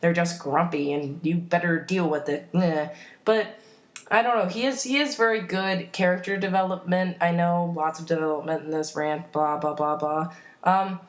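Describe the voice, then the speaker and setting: A woman's voice: fairly low pitch, moderate pace. A woman rambling enthusiastically in a casual fan vlog, full of fillers and self-corrections. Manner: enthusiastic, opinionated. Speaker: vlogger.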